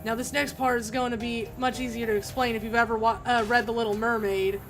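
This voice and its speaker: A woman's voice: a little high, little pitch movement, quick pace, hardly any pauses, music in the background. Chatty woman streamer reading game text. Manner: wry, chatty, laughs often. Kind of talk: reading game text aloud while playing.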